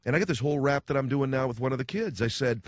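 A blunt, sarcastic talk radio host speaks in a medium-pitched male voice at a rapid-fire clip, animatedly acting out other people's voices as he goes. The studio sound is dull and dry, with no echo.

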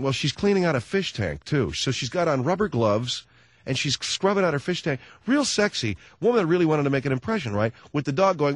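A man's voice: fairly high pitch, very animated, fairly quick, no room sound. A man hosting a radio talk show, telling a sardonic comic rant in a studio. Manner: sardonic, ranting storyteller. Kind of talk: comedic radio monologue.

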